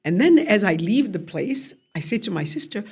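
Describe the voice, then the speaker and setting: A woman's voice: mid-range voice, normal speed, creaky, breathy edge. A woman, a guest in an interview, telling a personal story in casual conversation and acting out the voices of people she quotes. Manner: animated, acts out quoted voices.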